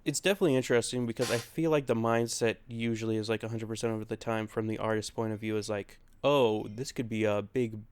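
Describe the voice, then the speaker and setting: A man's voice: fairly low pitch, steady tone, quick pace, hardly any pauses, clear, resonant tone. A man co-hosting a podcast in casual chat, rambling a bit, laughing often and swearing loosely. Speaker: podcast co-host. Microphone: own separate recording.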